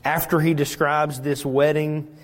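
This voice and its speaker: A male pastor preaching a sermon, dramatic and swinging between loud emphasis and hushed moments. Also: a little high, level tone, a little slow. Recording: long reverb in a large hall.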